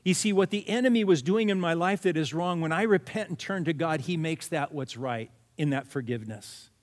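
Earnest pastor preaching in a reverberant sanctuary. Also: male voice, a little high, a little fast. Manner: earnest, repeats key words for emphasis. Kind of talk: sermon. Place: church sanctuary.

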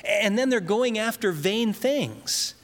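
A man's voice: sits high, expressive, slow. A man preaching a sermon, telling Bible stories and briefly acting out the voices in them. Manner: storytelling preacher, acts out voices in anecdotes. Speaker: pastor. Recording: long hall reverb.

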